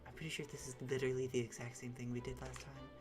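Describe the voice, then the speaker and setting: A woman's voice: very deep voice, flat delivery, racing. Young woman chatting while she plays. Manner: chatty, self-mocking asides. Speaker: streamer. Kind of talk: casual game commentary. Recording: clear game music behind.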